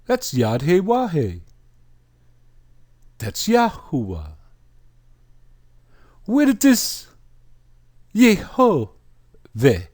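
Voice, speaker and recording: A man preaching a sermon, reading scripture aloud and putting pointed questions to his listeners in a slow, emphatic teaching manner. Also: mid-range voice, mellow.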